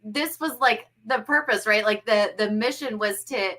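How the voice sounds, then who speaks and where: A woman hosting an interview speaks with a fairly high, bright voice. She asks questions warmly and breaks into effusive exclamations. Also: normal speed. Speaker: host.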